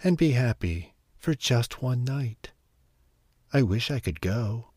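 A man doing a soft, tearful young heroine. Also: medium pitch, big pitch swings, unhurried, no echo, clean studio sound, voice pushed up. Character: young woman, gentle, tearful, hopeful.

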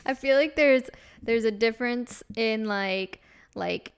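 Chatty young woman, fairly high voice. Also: a little slow, smooth. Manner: chatty, laughing, many fillers like "like". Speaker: podcast co-host. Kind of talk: casual podcast chat.

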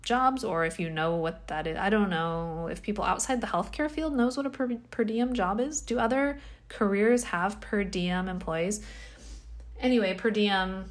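On her casual solo podcast, a tired, yawning host rambles and doubts herself, punctuated by sighs and little laughs. She has a mid-range voice and a moderate pace.

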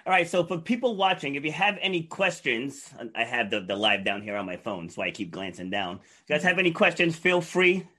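A man hosting a casual live-streamed interview, relaxed and laughing often. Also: medium pitch, a little fast, few pauses. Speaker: host.

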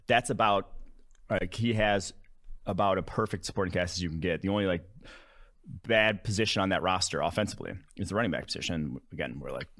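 A man's voice: deep voice, a bit bright. A young man from Wisconsin co-hosting a football podcast in loose, casual chat full of restarts. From Wisconsin, USA. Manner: quick, loose talk with many restarts and fillers. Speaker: football analyst, co-host.

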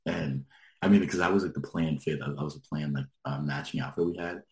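A man with an extremely low, deep voice, chatting casually and rambling through a story with lots of filler words. He sounds like he's in a roomy, echoey space. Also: fairly even intonation, fast talker, darkish tone. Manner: rambling, lots of likes, laughs while telling. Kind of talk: casual chat.

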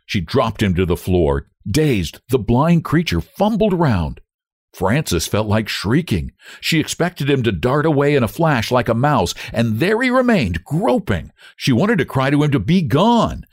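A man reading a story aloud as narrator, in an expressive, dramatic manner. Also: medium pitch, unhurried, no echo, clean studio sound. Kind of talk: scripted narration.

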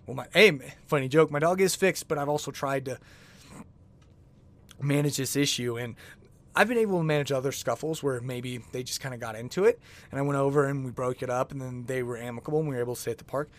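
A man's voice: mid-range voice, fast. A man hosting his own podcast, talking alone in a rambling, exasperated way. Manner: rambling and exasperated, with many restarts and laughs. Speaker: podcast host. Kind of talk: casual solo podcast rant. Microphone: podcast microphone.

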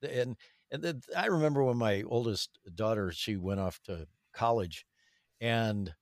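A man's voice: fairly low pitch, unhurried, dry recording, studio quality. An older man talking as a guest in a casual interview, reflective and conversational. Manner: conversational, reflective about family. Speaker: voice actor guest.

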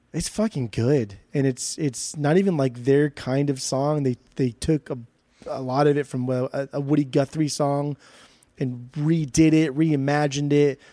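A man's voice: medium pitch, no echo. A man co-hosting a podcast, bantering and joking with lots of swearing while talking about music. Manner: joking, profane, animated. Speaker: podcast co-host. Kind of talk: casual banter.

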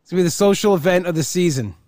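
A man's voice: high-pitched, rapid-fire, darkish tone, dry recording, studio quality. A man hosting a podcast, chatting casually in a rambling way with lots of restarts. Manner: rambling, repeats words, laughs often. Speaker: podcast host. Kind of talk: casual chat.

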